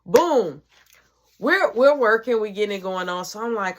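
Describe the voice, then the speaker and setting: A woman's voice: mid-range voice, expressive, normal speed, a little hiss or hum. A woman telling a personal story in casual, slangy, profane narration.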